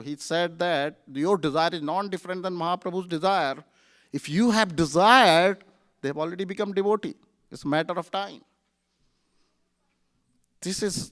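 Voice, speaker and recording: A man telling a sermon story at a temple, in a conversational way full of fillers. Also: on the high side. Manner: conversational, many fillers, animated retelling. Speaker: temple speaker. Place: temple hall.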